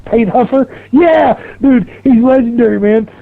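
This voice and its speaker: A high, eager young guy from the pizza shop, as a man puts him on, gushing about a local oddball. His voice jumps well above a normal man's and pushes loud. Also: moderate pace, gravelly, phone-quality sound. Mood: excited. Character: excited young male pizza coworker.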